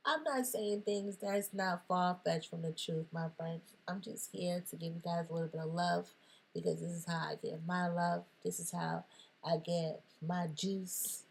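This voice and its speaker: A woman talking playfully in a motivational monologue, animated, jumping between whispers and sudden squeals. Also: lowish voice, normal speed, creaky, husky. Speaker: motivational vlogger.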